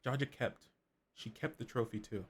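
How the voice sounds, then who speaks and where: A man voicing an earnest grown daughter talking gently with her mother in a video game, over game music. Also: mid-range voice, normal speed, noisy background, natural voice.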